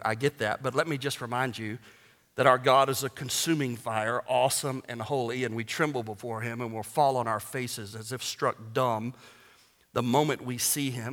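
A male pastor delivers a sermon in a bright, forceful voice. He preaches emphatically and breaks into joking asides. His voice rings out with a long reverb from a large hall. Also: medium pitch.

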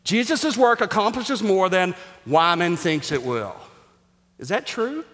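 A pastor preaching with a high, bright-edged male voice that swings between quiet asides and loud, emphatic peaks. He jokes with the congregation and slows right down on key phrases. The sound rings with the long reverb of a church sanctuary. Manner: energetic, jokey, rising to near-shouts for emphasis. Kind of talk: sermon. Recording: reverberant hall.

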